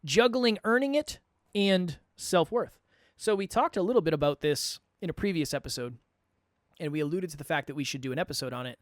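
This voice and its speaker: Animated man with a slightly worn voice. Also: on the high side, no echo, clean studio sound. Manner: quick, animated, self-correcting. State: voice getting worn from a long day. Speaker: podcast co-host. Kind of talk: casual podcast chat.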